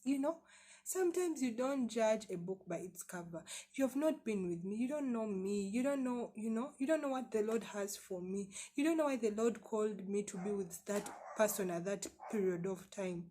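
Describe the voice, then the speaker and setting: A woman's voice: mid-range voice, animated, moderate pace, warm tone. A woman vlogger telling her personal story to camera in a candid, emphatic way, often repeating words and asking rhetorical questions.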